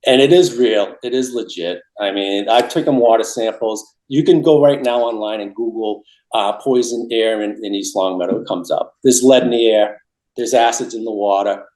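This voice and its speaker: A man's voice: on the low side, moderate pace, a little mellow, roomy sound, poor audio. A middle-aged man from Massachusetts telling stories in an interview, rambling and repeating himself with many restarts. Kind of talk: casual storytelling interview.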